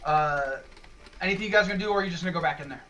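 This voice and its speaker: A man's voice: fairly high pitch, racing, sharp tone, highs cut off. A man narrating a tabletop game as game master, casual and laughing.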